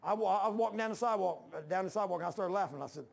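A male preacher delivers a sermon in a church, in a high, gravelly voice. He tells folksy stories and acts out the dialogue as he goes. His delivery is colloquial and conversational. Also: rapid-fire. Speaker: pastor.

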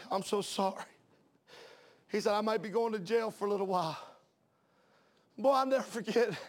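A man preaches in a strikingly high voice. He delivers an impassioned sermon, often shouting and crying out hallelujahs. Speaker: pastor.

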